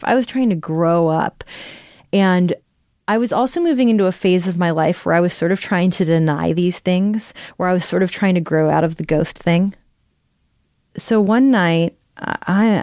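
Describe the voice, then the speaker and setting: A woman's voice: on the low side, darkish tone, dry recording. A woman telling her own story in a casual, conversational way, with frequent fillers. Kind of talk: personal storytelling.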